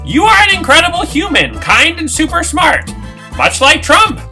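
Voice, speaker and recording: A man's voice: extremely high pitch, normal speed, faint music behind, voice pushed up, exaggerated voice. A man putting on the voice of a brash, effusive woman TV judge in an impression. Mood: gushing. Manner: effusive, flattering.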